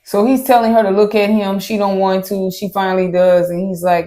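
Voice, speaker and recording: A woman's voice: mid-range voice, flat delivery, brisk, mellow. A woman co-hosting a reaction show, recapping an episode in casual chat and acting out what the people said. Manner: laid-back, acts out quotes from the episode.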